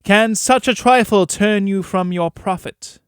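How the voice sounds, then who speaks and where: A man reading the part of a scheming merchant who buys souls, speaking in a measured, coaxing way. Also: high-pitched, clean tone, no room sound, studio quality, voice pushed up. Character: scheming soul-buying male merchant, cold and persuasive.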